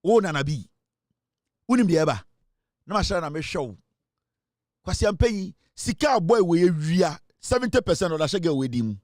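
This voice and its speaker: A man's voice: sits high, big pitch swings, fairly quick, pauses often, a little mellow, no room sound, clean studio sound. A man with a Ghanaian accent in an angry, scornful rant, switching between English and Twi. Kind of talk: angry social media rant.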